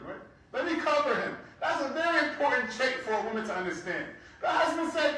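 High-voiced imam in an echoing room. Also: male voice, animated, fairly quick, sharp tone. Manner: conversational, keeps checking in with "right?". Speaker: imam teaching a class. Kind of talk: religious class lecture. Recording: very echoey room, mic far off.

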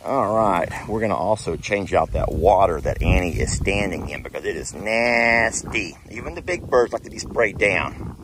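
A man's voice: expressive, moderate pace, noisy background. A man chatting casually as he tends his farm animals outdoors, cooing at them now and then. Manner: chatty, coos at the animals in a high voice. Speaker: farm vlogger.

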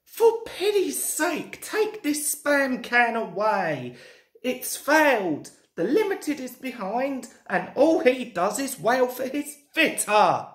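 A woman playing an exasperated male railway signalman in a storybook reading, snappish and high, in a roomy echo. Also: big pitch swings, takes it slowly, fairly bright tone, exaggerated voice.

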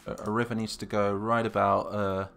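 A man's voice: lowish voice, level tone, brisk, gravelly, fairly bright tone. A man from England, chatting casually on a live stream, thinking aloud with hesitant muttered asides.

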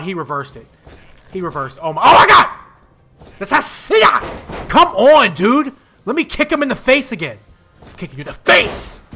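Excitable high-voiced man playing a game. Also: creaky. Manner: excitable trash talk, loud outbursts and mumbled asides. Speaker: gaming YouTuber. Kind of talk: playing a wrestling video game live.

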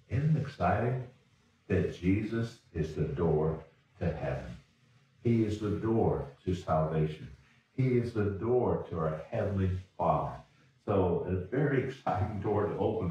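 A man's voice: low voice, a little mellow, far from the mic, lo-fi sound. A man preaching as a pastor in a folksy, repetitive way, often restarting words. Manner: folksy, repeats words, chuckles. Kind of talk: sermon. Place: church sanctuary. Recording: roomy church sound from off-mic.

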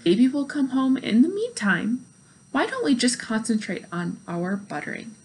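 A kindly motherly woman speaks in a gentle, reassuring way, as a woman reading aloud puts her on. Her tone is cheerful and calm, a comforting storybook voice. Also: fairly high pitch, moderate pace, breathy edge, heavily acted. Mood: soothing.

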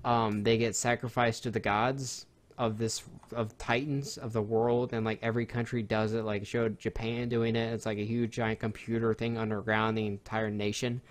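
A young man co-hosting a podcast, talking in a rambling, excitable way with lots of fillers and swearing. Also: fairly low pitch, moderate pace. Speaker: podcast co-host. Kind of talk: casual chat.

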